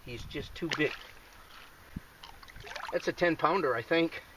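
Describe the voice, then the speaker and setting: A man hosting a fishing show on a river bank, out of breath and excitedly talking viewers through his catch in a folksy way. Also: on the high side, measured pace, slight background noise, poor audio. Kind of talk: outdoor fishing commentary.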